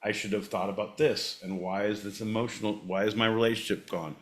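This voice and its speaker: Profane, animated man ranting. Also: fairly low pitch, brisk. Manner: profane, animated, acts out rants in character. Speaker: podcast co-host. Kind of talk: casual podcast banter.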